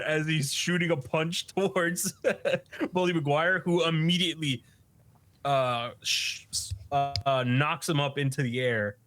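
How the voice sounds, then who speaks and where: Slow-talking man recapping casually. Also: fairly high pitch, steady tone, a bit bright. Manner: loose, profane, laughs often. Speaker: podcast host.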